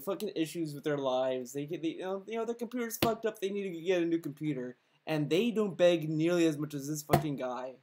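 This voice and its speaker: A man's voice: a little high, darkish tone. A man delivers an angry reaction commentary, swearing constantly. His tone stays sarcastic and mocking as he rants at the person on screen.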